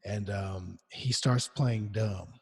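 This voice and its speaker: Husky-voiced man chatting, long echo. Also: lowish voice, slow. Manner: relaxed storytelling with frequent fillers and restarts. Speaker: podcast co-host. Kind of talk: casual chat.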